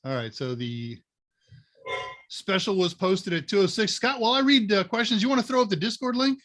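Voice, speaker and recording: Bright-voiced chatty man hosting a live stream. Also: high voice, animated, a little fast. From Northern Ohio, USA. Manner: rambling anecdotal storyteller with many fillers. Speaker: live Q&A show host. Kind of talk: casual live-stream chat.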